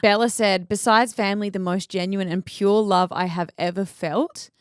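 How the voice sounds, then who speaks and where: A woman's voice: mid-range voice, fairly even intonation, normal speed, smooth, no room sound, studio quality. Gushing woman co-host. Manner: gushing, enthusiastic reactions. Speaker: podcast co-host. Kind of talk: casual chat.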